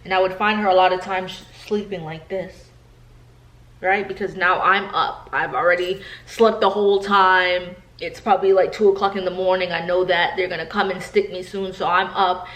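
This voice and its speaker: A woman in her thirties from New York shares personal stories in a candid, conversational vlog. Her voice sits a little low, and she keeps turning to address her viewers. The room around her rings with echo. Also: fairly even intonation, moderate pace, a bit bright. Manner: candid, chatty, often addresses viewers directly. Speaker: vlogger. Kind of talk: personal storytelling to camera. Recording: echoey room.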